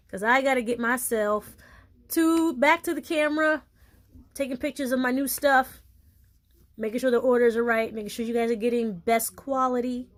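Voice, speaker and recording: A woman who runs a small business talks casually to her followers, animated and emphatic, laughing often and using playful slang. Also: high-pitched.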